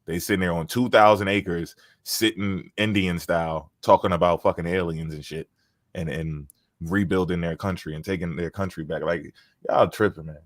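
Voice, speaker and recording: A man's voice: low-pitched, steady tone, normal speed, dry recording. A man in casual chat, mocking and heated as he rants, with frequent swearing. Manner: profane.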